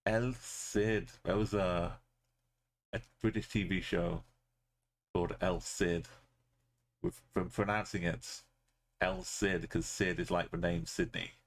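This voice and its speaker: A man streams live game commentary, thinking out loud as he plays. His voice sits low and carries a gravelly fry. He talks at a slow, easy pace, drifting into fillers and half-finished thoughts. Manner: thinking aloud, musing with trailing fillers.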